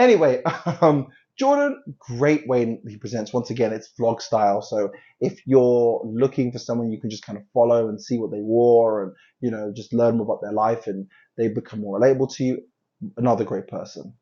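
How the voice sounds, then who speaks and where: A man's voice: mid-range voice, moderate pace, warm tone, dull audio. A man from London hosting a casual commentary, rambling and joking at himself, often trailing off and restarting. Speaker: host.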